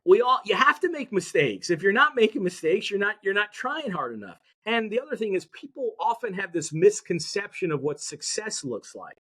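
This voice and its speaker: Animated, upbeat motivational man. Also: high-pitched, moderate pace, few pauses, husky. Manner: energetic, motivational, audience-engaging. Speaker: podcast guest, mindset educator. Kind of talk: conversational interview.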